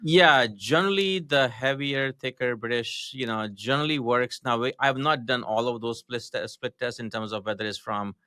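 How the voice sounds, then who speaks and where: A man guest on a podcast, explaining business tactics in a halting, matter-of-fact way with many fillers and restarts. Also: medium pitch, sharp tone, no room sound, clean studio sound. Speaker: podcast guest, marketing consultant. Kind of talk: casual podcast interview.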